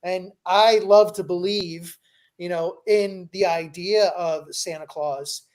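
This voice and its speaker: A woman's voice: lowish voice, fairly even intonation, takes it slowly, a little mellow. A woman co-hosting a podcast, talking casually and fondly about the holidays. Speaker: podcast co-host. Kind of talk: casual live podcast chat.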